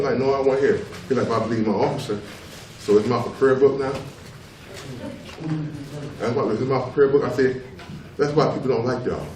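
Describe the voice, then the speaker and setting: A man's voice: mid-range voice, fairly even intonation, moderate pace, a little mellow. Middle-aged man, emphatic spoken testimony, repetitive, distant mic, echoey hall. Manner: emphatic, repetitive, keeps asking "you know what I'm saying". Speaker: father giving testimony at a public tribunal. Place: public hearing room. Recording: roomy hall, mic far off, faint noise.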